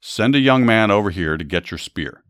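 A man's voice: lowish voice, lively intonation, moderate pace, a bit bright, no echo, clean studio sound. A man voicing a young male warrior who pleads with a king, speaking earnestly.

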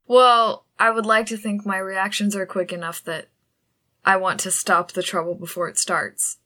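A woman at a tabletop game, chatting casually in a mid-pitched, ordinary voice. She asks thoughtful questions about what her character sees. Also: flat delivery, normal speed, bright, forceful tone. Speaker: player. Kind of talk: casual chat while playing a tabletop game.

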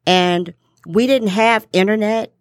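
A woman's voice: medium pitch, dry recording, clean studio sound. A middle-aged American woman hosting a podcast, chatting in an upbeat, emphatic way. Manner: upbeat, emphatic, drawn-out listing. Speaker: podcast host. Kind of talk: casual podcast conversation.

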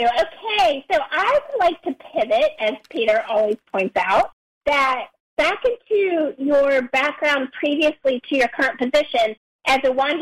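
A woman's voice: high-pitched, low-quality recording. Bubbly woman co-hosting radio. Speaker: radio co-host. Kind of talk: radio talk show.

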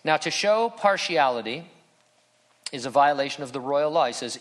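A middle-aged pastor preaches a sermon in a brisk, fairly high-pitched voice, conversational and humorous with emphatic turns. His voice sounds bright in a hall with long reverb.

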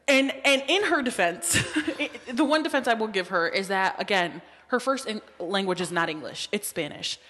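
A woman co-hosting a casual podcast chat, animated and laughing often, cursing freely. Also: mid-range voice, normal speed, hardly any pauses. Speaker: podcast co-host. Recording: long hall reverb.

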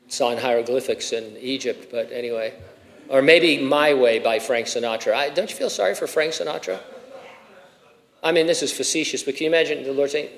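A middle-aged male pastor delivers an expository sermon in a conversational way, full of asides and rhetorical questions. His voice sits at a middle pitch for a man. He raises his voice with emphasis whenever he reads scripture aloud. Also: a little fast, fairly bright tone.

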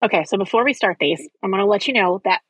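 Woman guest on a podcast, super husky breathy voice, dry close sound, talks it all out. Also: medium pitch, fast talker, dry recording, low-quality recording. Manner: explains earnestly, piles up examples. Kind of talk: casual conversational interview.

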